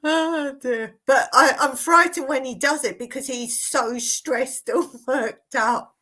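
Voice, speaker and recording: A chatty woman with a high voice hosts a casual live stream. She reads out viewer comments and tells stories with plenty of giggles. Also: slow, bright, forceful tone. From England. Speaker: vlogger hosting a live stream.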